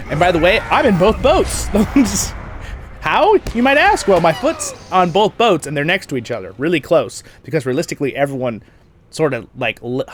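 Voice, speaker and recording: Rambling, lively man chatting over gameplay. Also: mid-range voice, slight background noise. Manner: rambling and chatty, often laughing; lively, swings from quiet asides to loud bursts. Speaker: host of a game voice-over channel. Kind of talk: casual chat while playing a game.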